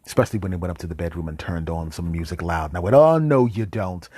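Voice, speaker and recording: A man hosting a podcast, telling a comic story in a deadpan way with dramatic pauses and whispered asides. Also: low voice, breathy edge, no room sound, clean studio sound. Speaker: podcast host.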